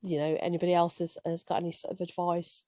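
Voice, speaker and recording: A woman's voice: lowish voice, little pitch movement, fast talker, mellow, no echo. A woman hosting a live panel as a parent, talking in an earnest, conversational way with some restarts.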